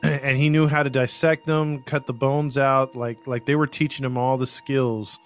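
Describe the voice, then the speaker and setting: A man's voice: medium pitch, level tone, normal speed, soft background music. Chatty American man telling a story. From United States. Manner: loose, conversational, many fillers, laughs easily. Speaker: podcast host telling a true-crime story. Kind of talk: casual storytelling chat.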